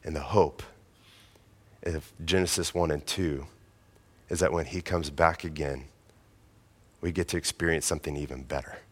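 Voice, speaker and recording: A man's voice: rumbling low, steady tone, normal speed, pauses often, breathy edge, long reverb tail. A man preaching a sermon as pastor, earnest and emphatic.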